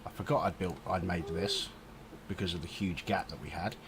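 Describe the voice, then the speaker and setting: A man running a tabletop game as dungeon master, talking in a relaxed way with many fillers. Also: deep voice, moderate pace, background noise.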